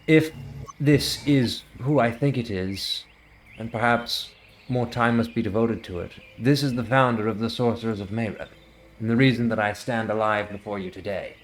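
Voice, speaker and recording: A man playing a tabletop role-playing game, speaking his character's lines slowly and formally. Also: on the low side, slight background noise. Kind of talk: in-character role-play and casual table talk.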